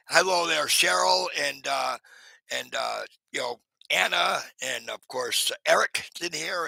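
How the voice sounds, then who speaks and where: A man chatting on a live stream in a heavily gravelly, sharply bright voice with a husky edge. He rambles through fillers and restarts, greets viewers by name and often laughs at himself. The sound is very dry. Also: mid-range voice, dry recording, rough recording. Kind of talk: casual live-stream chat.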